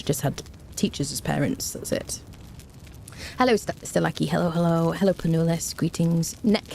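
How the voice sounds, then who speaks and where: Chatty woman streamer, low voice. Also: a little mellow, a little hiss or hum. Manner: chatty, rambling, thanking viewers by name. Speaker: game streamer. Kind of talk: casual live-stream chat.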